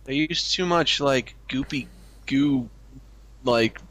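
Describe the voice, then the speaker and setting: A man's voice: medium pitch, slow pace, a bit bright. A man co-hosting a crude comedy chat, speaking in a dry, mock-prim way with lots of hesitations. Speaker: co-host.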